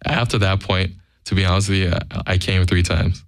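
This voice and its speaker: A guest storyteller bluntly tells a casual, profane anecdote, acting out the quoted lines. His low voice stays steady and fairly quick. The studio-quality recording has no echo.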